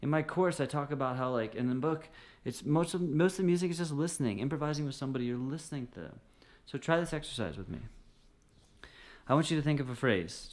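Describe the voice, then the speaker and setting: Encouraging male music teacher. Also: medium pitch. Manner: encouraging, conversational, often sings short phrases. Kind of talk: direct-to-camera singing lesson.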